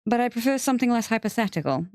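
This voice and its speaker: A woman voicing a brisk female executive who speaks in a clipped, businesslike way, cool and faintly amused. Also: on the high side, lively intonation, darkish tone, no echo, studio quality, pitched above the performer's own voice, natural voice.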